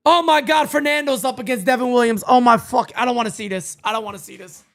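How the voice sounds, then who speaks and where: Speaking fast in a very high-pitched voice, a man runs a live baseball watch-party stream with excitable, foul-mouthed play-by-play and plenty of shouting.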